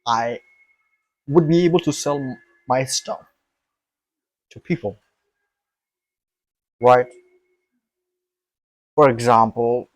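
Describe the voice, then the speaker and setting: A man's voice: medium pitch, no echo. A young man vlogging to his camera, thinking aloud in an emphatic, rambling way, repeating himself and swearing.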